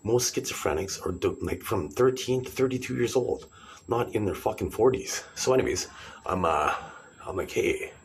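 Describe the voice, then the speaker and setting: Man, 40s, very low voice, rambling agitated vlog rant, noisy clicky recording. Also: lively intonation, normal speed. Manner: agitated, repetitive, restarting sentences. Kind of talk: rambling direct-to-camera monologue.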